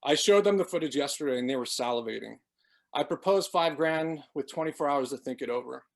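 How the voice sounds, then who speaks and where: A man's voice: on the high side, expressive, fairly quick, gravelly. Man doing a slippery, panicky hustler. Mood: wheedling. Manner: wheedling, then pleading. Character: slurring, scheming young man, panicky.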